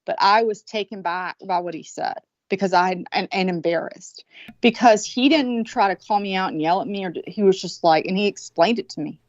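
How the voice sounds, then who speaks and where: A woman's voice: medium pitch, fairly quick, no echo. Blunt Southern woman, profane storyteller. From American South. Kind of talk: casual chat. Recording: dull, lo-fi sound.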